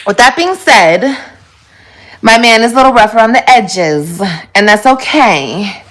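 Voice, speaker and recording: A woman's voice: fairly high pitch, animated, unhurried, a bit bright. A young adult woman vlogging casually and candidly, rambling and swearing about her relationship. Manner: candid, profane, rambling with laughs. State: pregnant. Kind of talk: casual confessional vlog.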